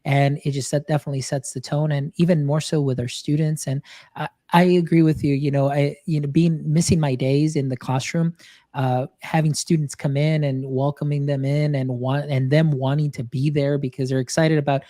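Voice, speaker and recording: A man's voice: on the high side, level tone, brisk, warm tone, no room sound, clean studio sound. A man hosting an education podcast, asking long, rambling questions full of fillers. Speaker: podcast host. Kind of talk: casual interview.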